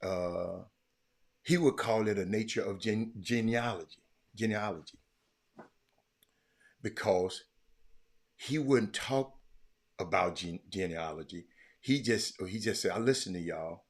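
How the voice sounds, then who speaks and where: A man hosting a casual sports commentary talk, telling a story animatedly and getting loud when he quotes others. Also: lowish voice, slow, pauses often. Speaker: podcast host.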